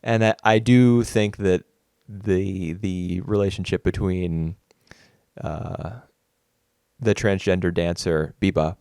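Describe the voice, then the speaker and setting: A man's voice: low-pitched, fairly even intonation, slow pace, a little mellow, smooth, no room sound, clean studio sound. A man co-hosting a casual film podcast, thoughtful and rambling with many fillers and restarts. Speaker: podcast co-host. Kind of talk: casual film review chat.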